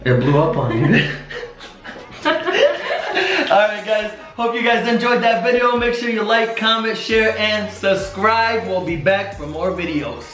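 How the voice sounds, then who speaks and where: A woman's voice: mid-range voice, very animated, slow pace, fairly bright tone. Squealing woman in an echoey bathroom. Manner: squealing, laughing, keeps saying she is scared. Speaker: vlogger. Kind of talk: excited casual vlog chat. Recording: echoey bathroom with faint music.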